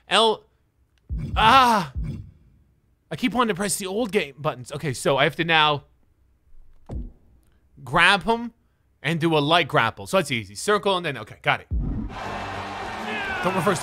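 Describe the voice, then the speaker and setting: Excitable high-voiced man yelling at a game. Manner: mutters instructions under his breath. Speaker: streamer. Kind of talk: live gameplay commentary. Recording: game music behind the voice. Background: game music.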